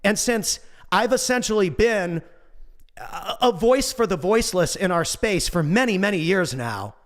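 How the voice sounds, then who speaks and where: A man in his forties delivering a casual motivational monologue, animated and goofy, swearing now and then. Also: high-pitched, measured pace. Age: 40s. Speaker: motivational speaker.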